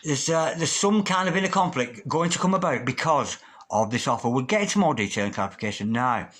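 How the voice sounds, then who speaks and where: A man's voice: medium pitch, expressive, a little fast, fairly bright tone. A man giving a tarot reading in a video, repeating prayer-like invocations and exclaiming over the cards. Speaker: tarot reader.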